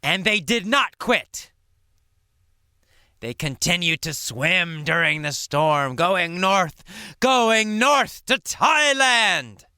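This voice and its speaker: A man teaching English by telling a story slowly, asking questions and answering them himself. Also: high-pitched, sing-song, sharp tone, clear, resonant tone, no room sound, clean studio sound. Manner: repeats and answers his own questions, dramatic swings to near whisper.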